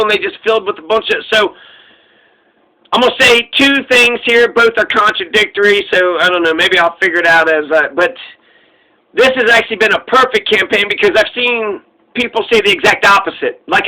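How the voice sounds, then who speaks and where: Solo political commentator, male, sarcastic and profane, high and piercingly bright. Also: steady tone, moderate pace, rough recording. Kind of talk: casual profane political rant.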